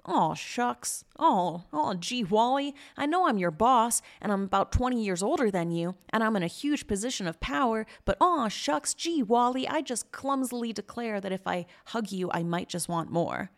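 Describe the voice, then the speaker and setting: A woman's voice: on the high side, lively intonation, normal speed, hardly any pauses, pitched above the performer's own voice. A woman putting on a bashful, folksy older male boss in a mocking sing-song drawl.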